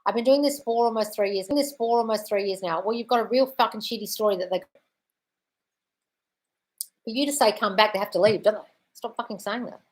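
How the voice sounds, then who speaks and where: With a brisk, medium-pitched voice, a woman coach hosts a live Q&A on manifestation. She reads viewers' chat questions and answers them bluntly, swearing freely and calling people darling.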